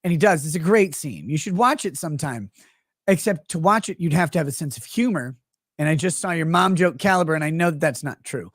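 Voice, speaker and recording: A man's voice: a little high, animated, brisk, no room sound, clean studio sound. A man hosting a livestream, talking in a crude, profane, rambling way and reading out chat messages. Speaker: livestream host. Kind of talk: casual livestream commentary.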